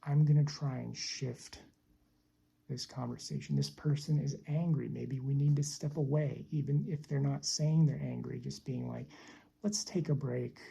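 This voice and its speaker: A woman giving a slow, reflective spiritual teaching talk, deliberate and repeating phrases for emphasis. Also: a bass voice, fairly even intonation, vocal fry, mellow, husky.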